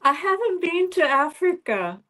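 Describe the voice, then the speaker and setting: A woman guest on a casual livestream, speaking gently and haltingly and laughing easily. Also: very high voice, very animated, rough recording.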